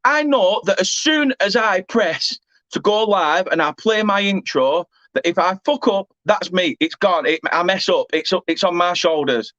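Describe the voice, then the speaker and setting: Fan-channel host, English man, fed-up swearing rant, higher voice, muffled home recording. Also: moderate pace, a bit bright, no room sound. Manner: agitated, swearing, repeatedly apologising. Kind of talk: angry rant to camera.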